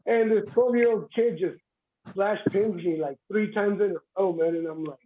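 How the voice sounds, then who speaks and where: High-voiced man rambling on a call. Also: normal speed, creaky, highs cut off. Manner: rambling, repeats words, laughs often. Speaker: guest arm wrestler. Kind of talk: casual livestream chat.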